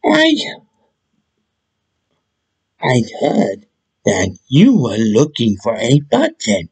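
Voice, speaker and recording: A man's voice: mid-range voice, huge pitch swings, very slow, creaky, darkish tone, slightly rough, full character voice. A man voicing a polite, helpful male raccoon in a storybook, speaking with a hesitant, stammering start.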